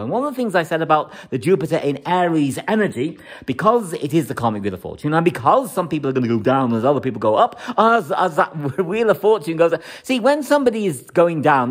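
An astrologer talking through a forecast in a casual monologue, rambling and emphatic, repeating words for stress. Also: medium pitch.

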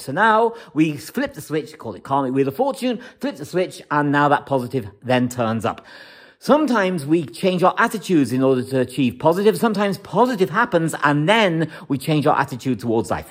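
An astrologer talking through a forecast in a casual monologue, rambling and emphatic, repeating words for stress. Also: medium pitch.

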